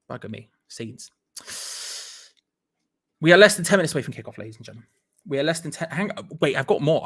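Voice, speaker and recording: A young man hosting a live football watch-along, chatting casually and reading out viewers' messages and locations. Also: medium pitch. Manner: chatty, rattles off viewer locations with shout-outs.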